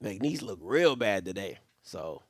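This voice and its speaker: A man's voice: on the low side, slow pace, no room sound. Guy hosting a watch party, trash talks and swings his voice all over, dry close mic. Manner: animated, trash-talking, slangy. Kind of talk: casual live game reaction.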